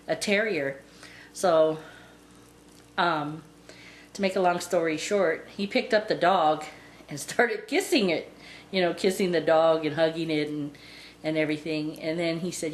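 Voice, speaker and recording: A woman's voice: sits low, fairly even intonation, moderate pace. A woman telling a long story about her pet in a casual, rambling way, with lots of "and, uh" fillers. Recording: roomy with faint background noise.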